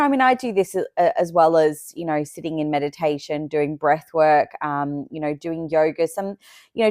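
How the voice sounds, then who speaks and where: A woman's voice: fairly low pitch, no room sound, clean studio sound. A woman chatting casually to camera about her oracle card reading, with lots of hesitant fillers and restarts. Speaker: spiritual vlogger reading oracle cards.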